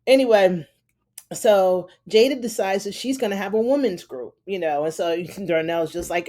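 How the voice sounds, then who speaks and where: A woman's voice: mid-range voice, moderate pace, dark tone. A woman recapping a TV episode in a loose, chatty way, full of "you know" and "honey". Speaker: TV recap reviewer. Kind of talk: casual spoken episode recap.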